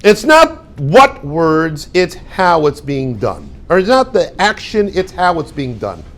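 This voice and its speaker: A man teaching a class as a rabbi, with a fairly high voice that swings widely up and down. He acts out small everyday exchanges in quoted voices and throws questions at his students. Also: takes it slowly, slight background noise. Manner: animated, acts out little dialogues in quoted voices. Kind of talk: lively classroom talk.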